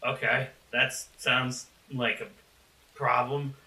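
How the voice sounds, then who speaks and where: A man playing a tabletop game with friends, excitable and laughing often, swearing casually. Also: medium pitch, takes it slowly, reverberant, distant mic, rough recording. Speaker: player.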